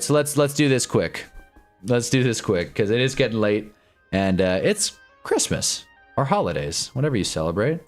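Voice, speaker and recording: A man's voice: mid-range voice, fairly bright tone. A man hosting a casual football live stream, rambling and joking with his chat.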